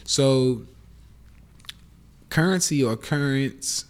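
A man's voice: medium pitch, extremely slow. A man with a Southern accent hosting a casual rant podcast, blunt and profane, lecturing his listeners as y'all. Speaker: podcast host.

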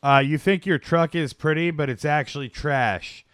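A man hosting a live stream of prank calls, with deadpan, mock-polite insults. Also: a little high, normal speed, clear, resonant tone, dry recording, studio quality. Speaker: prank call host.

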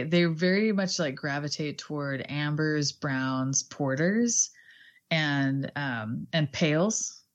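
Low-voiced woman chatting casually. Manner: chatty, laughs often, swears casually. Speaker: podcast co-host. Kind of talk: casual chat.

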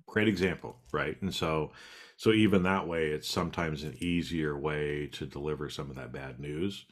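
Deep-voiced laid-back man. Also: normal speed. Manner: laid-back, swears, laughs loudly. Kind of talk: casual chat.

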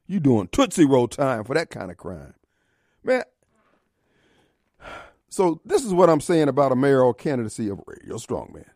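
A man's voice: medium pitch, wildly swooping pitch, moderate pace, long pauses, darkish tone, no echo, clean studio sound. A middle-aged man hosting talk radio, ranting in a combative, mocking, preachy way. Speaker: radio talk show host. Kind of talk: opinionated talk radio monologue. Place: radio studio.

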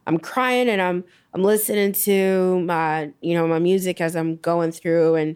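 A young adult woman, slowly recounting a personal loss as an interview guest, halting with many fillers. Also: on the low side, fairly even intonation, a little mellow, clean tone.

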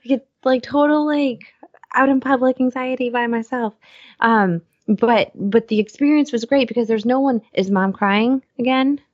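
A woman's voice: fairly high pitch, normal speed, no room sound. Chatty mother on a dull call line. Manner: chatty, animated, acts out her own reactions. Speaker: podcast co-host. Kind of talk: casual chat. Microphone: video call.

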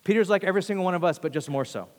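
A male pastor delivering a sermon in an animated storytelling way, moving from raised, excited passages to soft, hushed ones. His voice sits a little high for a man and trails off into a long hall reverb. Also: rapid-fire. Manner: animated storytelling, acts out quotes, swings loud to hushed.

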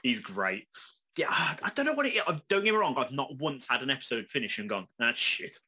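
Animated husky man chatting. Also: a little fast. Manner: animated, swearing, laughing often, big pitch swings. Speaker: podcast co-host. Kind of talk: casual chat.

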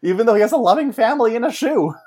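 Jokey man rambling through a story pitch. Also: animated, darkish tone, husky. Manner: rambling, jokey, quick to slip into voices. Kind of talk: casual chat.

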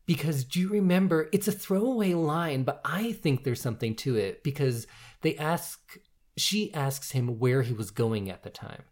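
Man co-hosting a casual film talk, mid pitch, lively and chatty. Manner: animated, thinks aloud with fillers.

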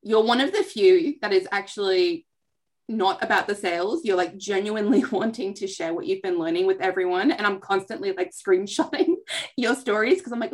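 This is a bubbly Australian woman hosting a live chat over a video call. Her pitch sits in an everyday middle range. She talks in a friendly, chatty and self-deprecating way. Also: moderate pace. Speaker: host, counsellor. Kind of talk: live online interview.

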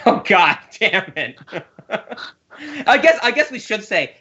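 A man's voice: high voice, sing-song, takes it slowly, long pauses, bright, forceful tone, breathy edge, dull audio. A man co-hosting a casual podcast, rambling and laughing often as he talks. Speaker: podcast co-host.

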